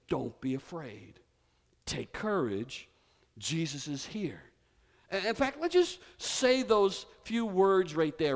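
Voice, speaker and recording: A man preaching a sermon, telling a story with drama and leading the congregation to repeat words together. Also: high voice. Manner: animated storytelling preacher, leads congregation in call-and-response. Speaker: pastor. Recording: reverberant hall.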